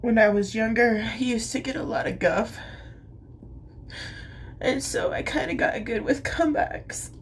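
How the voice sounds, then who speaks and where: A young woman vlogging, speaking through tears in a small voice, halting and soft, with whispery asides. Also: on the high side, a little hiss or hum. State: crying. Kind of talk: tearful confessional monologue.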